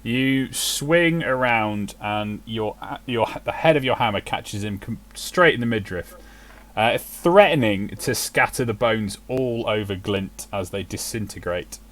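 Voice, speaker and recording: A man running a tabletop game as game master, narrating the action in a measured way. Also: on the low side, fairly bright tone.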